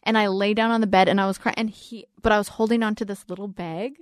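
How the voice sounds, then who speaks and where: A woman's voice: mid-range voice, steady tone, quick pace, clean tone, no echo, clean studio sound. A woman from Canada hosting a podcast, chatting casually and telling stories that act out what others said. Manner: chatty storyteller, acts out quoted lines. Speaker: podcast host. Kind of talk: casual chat.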